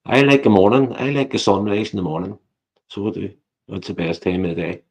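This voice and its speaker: A man's voice: fairly low pitch, lively intonation, brisk, darkish tone, slightly rough. A man in casual banter on a livestream, swearing often and repeating his own phrases. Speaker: livestream guest.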